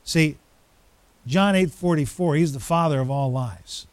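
A man's voice: on the high side, unhurried, no echo. A man preaching a sermon as pastor, emphatic, building through repeated phrases.

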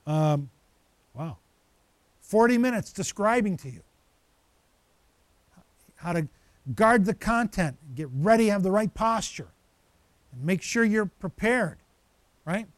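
A male pastor preaching a conversational sermon, lively and animated, with frequent asides to the congregation. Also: high voice, takes it slowly, long pauses, dry recording.

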